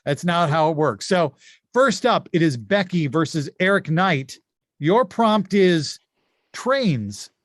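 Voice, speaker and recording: A man hosting an improvised insult game from home over a video call, chatty, with quick asides and frequent laughs. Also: fairly high pitch, expressive, dry recording, studio quality. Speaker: game show host.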